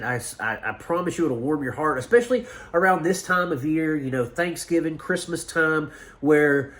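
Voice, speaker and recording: A man casually reviewing a movie for his channel, enthusiastic and rambling, with lots of fillers and restarts. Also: fairly high pitch.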